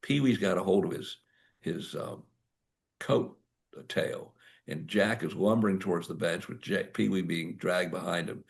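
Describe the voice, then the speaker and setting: An older man speaks in a very deep voice with a gravelly edge. He tells courtroom stories at a book talk, acting out each exchange. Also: measured pace. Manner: anecdotal, acts out dialogue. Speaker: author and former prosecutor.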